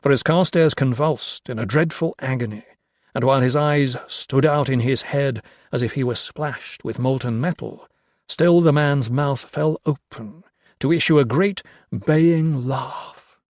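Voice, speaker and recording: A man narrating a horror story with slow, expressive storytelling. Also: medium pitch, no room sound, studio quality. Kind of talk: dramatic audiobook narration.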